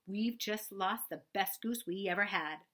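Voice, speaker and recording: A woman's voice: medium pitch, measured pace, sharp tone. A woman voicing a stern farm mother who scolds her son in a hard voice. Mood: cold.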